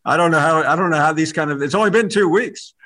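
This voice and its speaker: A man's voice: on the high side, quick pace, bright, forceful tone. A middle-aged man with a Southern US drawl, a sports commentator guest on a podcast, wry and outspoken with stammering restarts. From Memphis, US South. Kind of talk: casual podcast interview.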